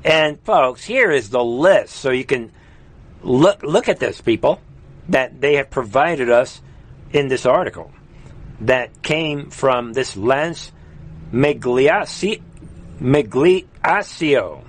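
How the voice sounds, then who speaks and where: A man's voice: mid-range voice, animated, takes it slowly. Heated, mocking man ranting. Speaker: host. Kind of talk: live political commentary.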